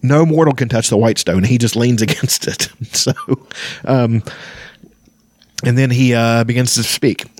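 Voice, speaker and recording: His mid-range voice is steady and a touch mellow as he reads fantasy novel excerpts on his podcast and comments on them casually. He speaks haltingly with lots of ums and restarts; the studio sound is clean, with no echo.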